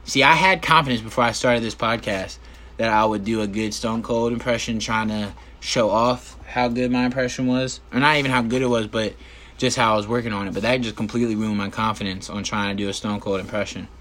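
A man's voice: on the low side, fairly even intonation, a little fast, a bit bright. Rambling, profane male podcaster. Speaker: podcast host. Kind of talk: casual solo podcast chat. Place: his bedroom at home.

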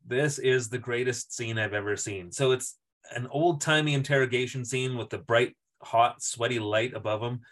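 A man's voice: medium pitch, moderate pace, fairly bright tone. A man co-hosting a podcast, recapping a TV episode in casual chat, acting out the characters' lines and laughing often. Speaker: podcast co-host.

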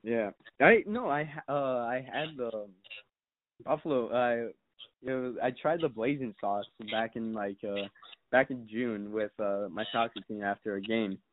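A man's voice: mid-range voice, measured pace, dry recording. A young man chatting as a podcast guest, telling stories in a rambling, mock-serious way full of fillers and swearing. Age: young adult. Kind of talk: casual podcast chat. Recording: dry, tinny phone-like sound.

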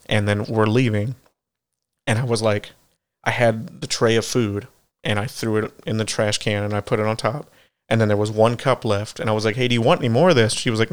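A man's voice: lowish voice, smooth. A man co-hosting a podcast, joking and laughing through casual stories. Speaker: podcast co-host. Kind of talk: casual chat.

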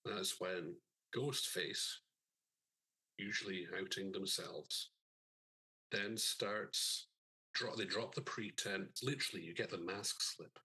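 A man co-hosts a horror film podcast in relaxed, casual chat. His voice is low and husky, with a bright edge, and he drops dry asides. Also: takes it slowly, pauses often, rough recording. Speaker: podcast co-host.

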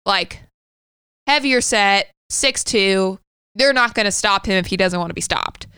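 A woman's voice: medium pitch, measured pace, pushed and bright, clear, resonant tone, no room sound. A woman in her thirties co-hosting a podcast, telling a personal story candidly and swearing freely. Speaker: podcast co-host. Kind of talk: casual conversational storytelling.

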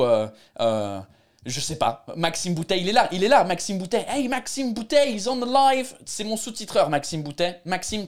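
A man hosting a live-streamed drinking chat show in a studio, loud, playful and profane, switching between English and French. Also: fairly high pitch.

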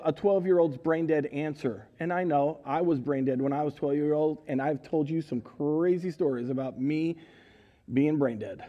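A middle-aged man preaching a sermon in a church, telling the story with animated voices and questions to the congregation. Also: fairly high pitch, muffled recording. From United States. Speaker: pastor. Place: church sanctuary.

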